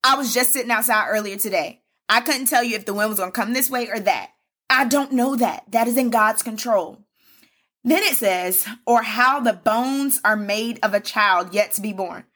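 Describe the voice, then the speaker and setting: Woman, podcast host, fervent devotional preaching, fairly high voice, bright forceful tone, repetitive rhythm. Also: normal speed. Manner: calls listeners baby and y'all.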